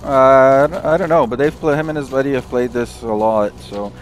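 An easygoing man talks his way through a co-op game at a middle pitch. He hesitates now and then, slipping in fillers. Faint music sits in the background. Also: steady tone, a little fast. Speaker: co-op gamer. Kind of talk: casual let's-play chat.

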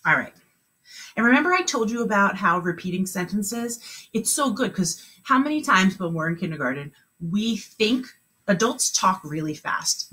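A woman's voice: mid-range voice, sharp tone. A woman teaching a remote kindergarten lesson, talking in an encouraging, sing-song way with lots of praise.

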